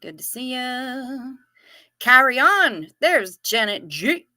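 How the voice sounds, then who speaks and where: A woman's voice: high-pitched, very animated, slow pace, pushed and bright, no room sound. A woman hosting a live stream, chatting casually, telling jokes and reading out viewer messages. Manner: chatty, joking, reads chat aloud.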